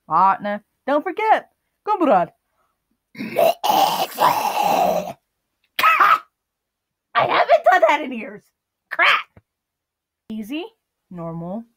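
A woman's voice: medium pitch, fairly bright tone, no echo. A young woman vlogger casually reading internet posts aloud, giggly and often breaking into laughter.

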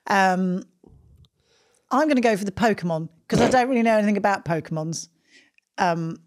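A middle-aged woman, co-hosting a podcast with her son and quick to exclaim. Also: mid-range voice. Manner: exclaiming, easily shocked. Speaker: co-host, the host's mother. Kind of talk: casual chat.

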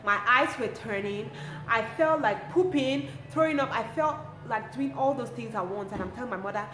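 Lively woman telling a story. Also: on the high side, moderate pace. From Cameroon. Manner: lively, expressive storytelling with frequent laughter. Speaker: lifestyle vlogger. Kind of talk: casual storytelling to camera. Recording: roomy with faint ambient noise.

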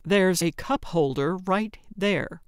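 A woman's voice: fairly low pitch, slow pace, clean tone, no room sound. A woman narrator voicing a weary, patient older man with a dry, resigned manner. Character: weary, patient older man, her put-upon driver.

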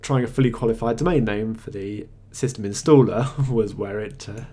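Male tech reviewer, low-ish husky voice, plain matter-of-fact screencast narration with the odd hesitation. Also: normal speed, dark tone.

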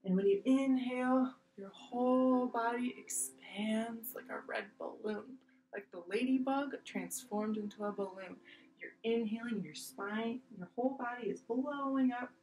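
Gentle playful preschool yoga teacher, woman. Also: fairly high pitch. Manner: gentle, playful, coaxing children along. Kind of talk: guided kids' yoga class. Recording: echoey room with faint music.

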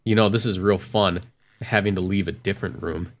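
Um homem que co-apresenta um podcast, em conversa descontraída, faz piadas secas e provoca os amigos. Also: male voice, low voice, fairly even intonation, fairly quick, very noisy. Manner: dry, joking teaser. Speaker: podcast co-host. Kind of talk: casual chat.

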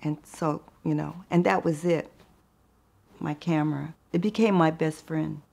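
Older woman with a gravelly, low voice. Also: steady tone. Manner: thoughtful, unhurried, with soft laughs. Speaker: photographer. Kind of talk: reflective personal storytelling.

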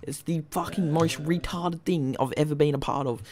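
A man's voice: on the high side, steady tone, normal speed, a little mellow. A young man chatting and swearing casually while playing a role-play game. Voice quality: sweary, laughs often. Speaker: gaming streamer.

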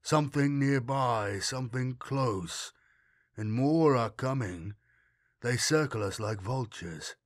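A man voicing a blind, detached psychic navigator who speaks in a blank monotone in an audiobook. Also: fairly low pitch, measured pace, few pauses, no room sound, studio quality. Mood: ominous.

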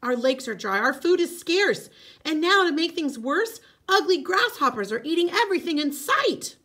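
A woman's voice: on the low side, normal speed, vocal fry, breathy edge. A woman voicing a parched, weary male coyote in a storybook read-aloud, pleading and whiny.

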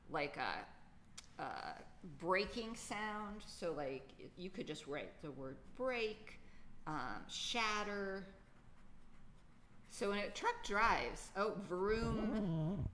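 A woman's voice: lowish voice, a bit bright, slight background noise. A woman teaching a children's poetry lesson, patiently thinking aloud with many fillers. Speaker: writing teacher.

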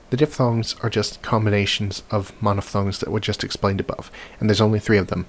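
Low gravelly man teaching vowels. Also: little pitch movement. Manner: slow, careful demonstration of vowel sounds. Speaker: language teacher. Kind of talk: explanatory lesson.

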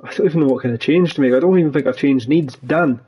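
A young man fast-talks through frustrated commentary on his football video game for his gaming channel, cursing and ranting as his voice leaps when he's angry. The voice is on the high side, mellow, and breathy, recorded in low quality.

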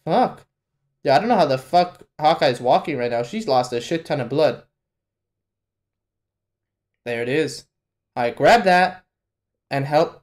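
A man hosting a live anime reaction, talking casually and profanely, with sudden loud exclamations at what he sees. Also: fairly high pitch, expressive, measured pace, long pauses. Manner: casual slangy talk to the viewer. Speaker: reaction channel host.

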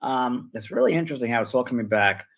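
A man's voice: medium pitch, expressive, fast, creaky, low-quality recording. An older man co-hosting a spiritual talk show, telling stories casually with lots of fillers and restarts. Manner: rambling, with many fillers and restarts. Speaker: co-host, spiritual medium. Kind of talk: casual conversational storytelling.

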